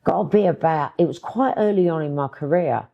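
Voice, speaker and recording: Casting: middle-aged East London woman, gravelly voice, blunt, cheeky and unfiltered. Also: low-pitched, brisk, highs cut off. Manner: blunt, chatty, swears freely. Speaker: guest author. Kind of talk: casual interview storytelling.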